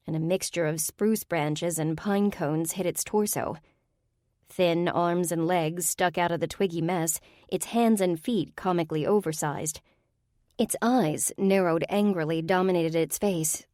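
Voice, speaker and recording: A woman's voice: fairly low pitch, mellow, dry recording, studio quality. A woman reading a first-person urban fantasy audiobook with a wry, comic delivery. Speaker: audiobook narrator.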